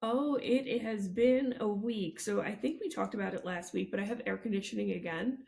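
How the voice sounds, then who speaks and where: A woman in her thirties co-hosting a podcast, telling stories in an animated, playful way. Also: medium pitch, fairly quick, gravelly. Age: 30s. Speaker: podcast co-host. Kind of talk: casual podcast chat.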